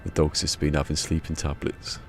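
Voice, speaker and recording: A man's voice: brisk, vocal fry, music in the background. A man streaming a game, chatting casually and rambling through stories with frequent chuckles. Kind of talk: casual chat while gaming. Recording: steady rumble behind the voice.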